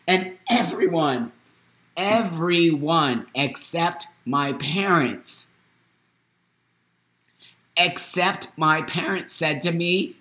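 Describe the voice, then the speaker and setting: A man in his fifties hosting a live stream, talking in an emotional, emphatic way, at times near tears, swinging from loud to hushed. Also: on the high side, extremely slow, pauses often, reverberant. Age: 50s. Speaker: host.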